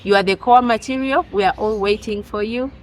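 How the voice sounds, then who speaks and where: A woman's voice: medium pitch, brisk, slight background noise, low-quality recording. A woman with a non-native English accent giving an earnest, exhorting motivational sermon full of rhetorical questions. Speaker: preacher.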